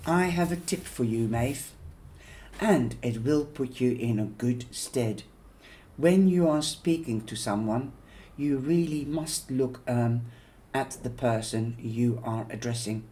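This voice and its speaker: A man's voice: medium pitch, slow, mellow, lightly acted. A man voicing a genteel middle-aged woman who speaks with an old-film manner, sweetly condescending as if to a child. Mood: sweetly patronizing.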